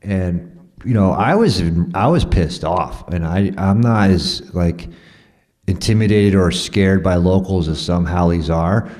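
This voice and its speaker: Guy with a really deep low voice rambling through a story, swears a lot, lots of ums and "you know"s. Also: unhurried, darkish tone. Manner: rambling, profane, conversational, with many fillers.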